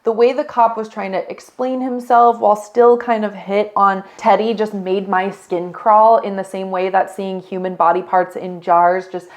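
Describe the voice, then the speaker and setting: A woman's voice: mid-range voice, level tone, moderate pace, hardly any pauses, a little mellow, highs cut off. Chatty woman reviewing a movie. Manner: rambling, restarts, occasional laughs; enthusiastic, talks to viewers directly. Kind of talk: casual unstructured chat.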